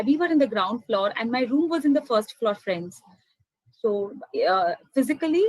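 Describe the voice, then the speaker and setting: A woman's voice: fairly high pitch, no echo, low-quality recording. A woman, emotionally telling a personal spiritual testimony and often calling her listeners friends. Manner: heartfelt, keeps addressing listeners as friends. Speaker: speaker sharing a spiritual testimony.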